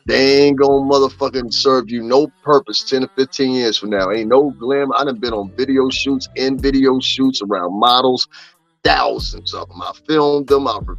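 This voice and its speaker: Hosting a casual gossip livestream, a man with a fairly low, slightly bright voice jokes, swears, and talks straight to his chat. The recording is a little dull, with faint music in the background.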